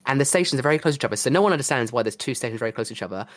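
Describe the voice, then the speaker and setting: Young male host, animated, theatrical rants, casual swearing. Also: medium pitch, racing. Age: young adult. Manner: animated, swearing, dramatic storytelling. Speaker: podcast host. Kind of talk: casual chat.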